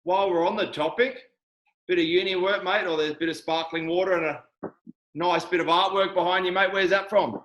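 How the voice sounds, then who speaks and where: A young Australian man hosts a casual chat over a video call. His voice sits a little high. He talks in a chummy, halting way and throws in "mate" almost every line. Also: steady tone, fairly bright tone, a little hiss or hum, poor audio. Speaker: host.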